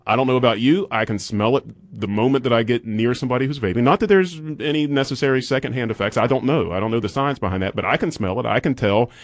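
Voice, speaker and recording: A man's voice: medium pitch, fast talker, few pauses, no echo, studio quality. A young adult man hosting a casual radio interview, chatty with frequent restarts and sarcastic asides. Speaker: radio show host. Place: radio studio.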